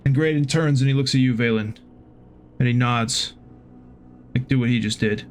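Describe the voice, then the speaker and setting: A man's voice: medium pitch, normal speed, soft background music. A man narrating a tabletop game as game master, in a casual way, laughing with the players. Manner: casual, laughing, acts out figures.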